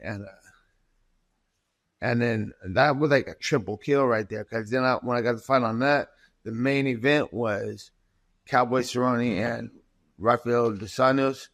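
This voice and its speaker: A man in his thirties, a fighter guest, telling stories in a profane and animated way in a casual interview. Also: medium pitch, measured pace, dry recording.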